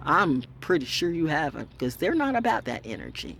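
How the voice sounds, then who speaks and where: A woman storyteller rants straight to her camera with a very lively, swooping pitch. She lurches from loud, high outbursts down to low, muttered asides, cursing freely as she goes. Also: normal speed, slightly rough. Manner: profane, swinging from loud highs to low mutters. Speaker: online storyteller and broadcaster. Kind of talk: unscripted ranting monologue.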